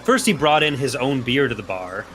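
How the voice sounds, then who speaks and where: A man's voice: mid-range voice, animated, moderate pace, fairly bright tone, faint music behind. A young man telling a story casually while playing a racing game, laid-back and sweary, laughing through it. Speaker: co-player.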